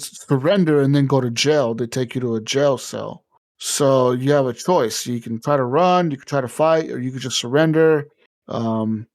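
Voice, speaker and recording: A young man on a podcast, telling a video game story in a casual, profane and animated way, acting out the game's dialogue. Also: medium pitch. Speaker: podcast co-host. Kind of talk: casual gaming chat.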